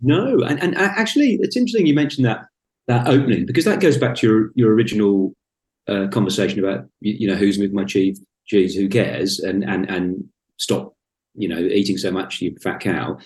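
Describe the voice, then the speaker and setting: A man's voice: fairly low pitch, fairly quick, darkish tone. A man in his fifties, a guest in a casual podcast conversation, talking with wry, blunt, self-mocking humor. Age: 50s. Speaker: podcast guest, speaker and author. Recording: roomy echo.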